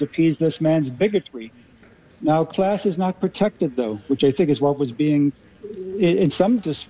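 A man's voice: a little high, warm tone, highs cut off. A man with an American accent, explaining articulately as a guest in a radio discussion. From Los Angeles, US. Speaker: guest linguist.

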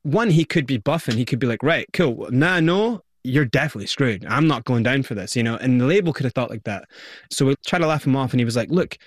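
A man's voice: mid-range voice, fairly quick, dry recording. Man telling his story, dry sound. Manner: animated, acts out quoted voices. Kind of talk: conversational storytelling interview.

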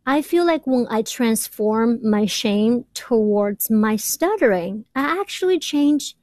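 Slow, reflective woman who stutters. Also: on the high side, lively intonation, a little mellow, no room sound. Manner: stutters, repeating words. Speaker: guest, doctoral student. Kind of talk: interview conversation.

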